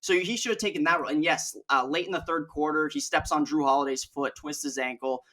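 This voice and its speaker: A young man co-hosting a sports podcast, ranting in casual chat and acting out players in quick asides. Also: a little high. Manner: animated, ranting, mimics players in quoted asides. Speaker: podcast co-host.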